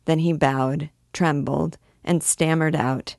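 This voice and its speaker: A woman narrating a classic novel aloud in a measured, even reading voice, lightly voicing the characters. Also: deep voice, creaky, no room sound, clean studio sound. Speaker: audiobook narrator.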